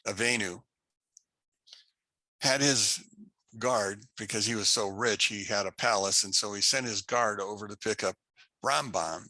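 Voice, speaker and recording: A man teaching an unscripted Bible class, telling a story slowly and haltingly with many restarts. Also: fairly low pitch, sharp tone, dry recording. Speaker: Torah teacher.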